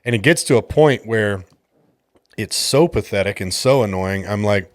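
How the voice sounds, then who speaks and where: A man's voice: fairly low pitch, moderate pace, no room sound. A man hosting a podcast, a jiu-jitsu coach telling a story in a casual, exasperated and profane way.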